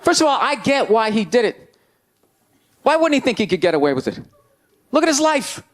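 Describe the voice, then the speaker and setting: Male stand-up comic, forties, loud sarcastic rant delivery, high-pitched voice, live room with faint crowd noise. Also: big pitch swings, brisk. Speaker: stand-up comedian. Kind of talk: stand-up routine. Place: comedy stage before a live audience. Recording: live show with crowd laughter.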